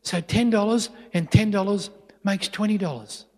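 A man voicing a pleading, tearful little boy of about ten, raising his voice high. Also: normal speed, a little mellow, long reverb tail.

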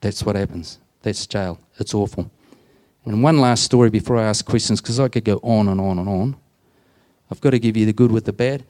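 Here the Australian prison chaplain's voice sits lowish and a little mellow, moving at a fairly quick pace. Addressing a group, he recounts conversations and tells his stories in plain terms.

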